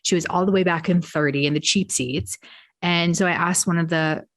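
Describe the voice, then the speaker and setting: A woman co-hosting a casual chat podcast, telling stories in an animated way and acting out the exchanges. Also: fairly low pitch, normal speed. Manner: animated storyteller, acts out quoted exchanges. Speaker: podcast co-host.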